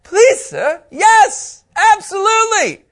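A man's voice: very high voice, big pitch swings, slow, a bit bright, pitched above the performer's own voice, full character voice. A man voicing an eager male early believer who begs to give his money away, pleading and half laughing.

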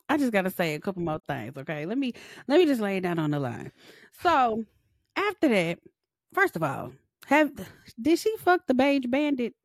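A young woman co-hosting a podcast, ranting loudly and joking with lots of profanity. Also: a little high, sing-song, moderate pace, long pauses, no room sound. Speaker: podcast co-host. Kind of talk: casual chat.

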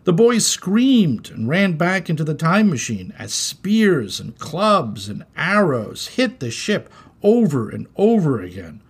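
A man reading a children's story aloud in an expressive, animated way. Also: a little high, unhurried, breathy edge.

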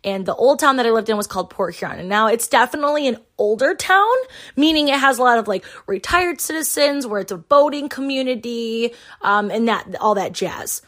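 A chatty woman podcaster from Michigan, talking on her own show in a relaxed monologue. Her voice sits a little high, and she tells stories in an animated way, dropping swear words freely. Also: a little fast. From Michigan, USA. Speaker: podcast host. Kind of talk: casual solo podcast monologue.

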